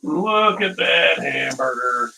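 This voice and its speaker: A man's voice: fairly high pitch, lively intonation, slow, gravelly, bright, forceful tone. A man hosting a casual live cooking stream, rambling through stories and chuckling at his own dad jokes, from a distant mic.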